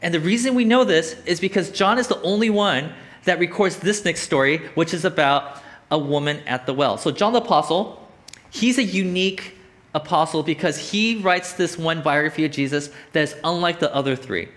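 A man's voice: on the high side, normal speed, fairly bright tone. A man preaching a sermon as a pastor, in a casual, conversational way with frequent "like" and "right?".

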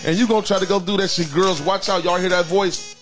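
A man hosting a crude call-in comedy livestream, loud and brash, teasing callers in a sing-song way. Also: high-pitched, fairly even intonation, fast talker, over music. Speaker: livestream comedy host taking calls.

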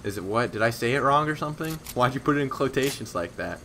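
Young man, live game streamer, excitable slangy chatter, sudden outbursts, middle pitch, light background hiss. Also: quick pace. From Scotland. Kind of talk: live gameplay commentary.

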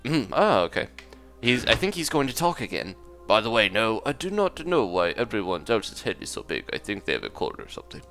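A man's voice: fairly low pitch, sing-song, brisk, hardly any pauses, fairly bright tone, soft background music. A man hosting a gaming video in character as a pompous detective, with a put-on English accent and a jokey manner. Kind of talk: in-character let's play commentary.

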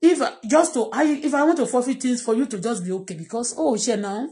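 Middle-aged Nigerian-accented woman, personal vlog, pleading and repetitive, slightly high voice. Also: fairly quick, warm tone. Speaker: vlogger.

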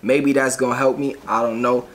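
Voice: medium pitch, flat delivery, heavy background noise. A young creator chatting casually through a home music session, rambling and poking fun at their own attempts. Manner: rambling, self-mocking, quick to laugh. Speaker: creator showing a beat session. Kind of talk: casual tutorial chat.

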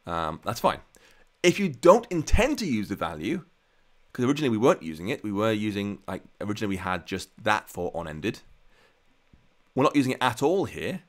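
A man hosting a live coding stream from home, chatting casually and answering viewer questions with plenty of ums. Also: fairly low pitch. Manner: chatty and relaxed, many ums and restarts.

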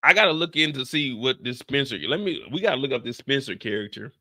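A young man from the Bay Area hosting a casual TV recap, talking in an animated, profane way. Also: medium pitch, quick pace. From San Francisco Bay Area. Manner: animated, profane, acts out scenes with shouted put-on lines. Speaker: recap show host.

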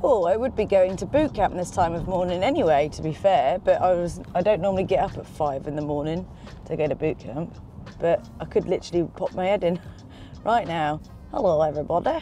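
An excitable, chatty woman vlogging from a moving car, swearing casually as she talks. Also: fairly low pitch, fairly quick, muffled recording. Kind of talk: casual road-trip chat. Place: in a car on the road. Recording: road noise behind. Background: car and road noise.

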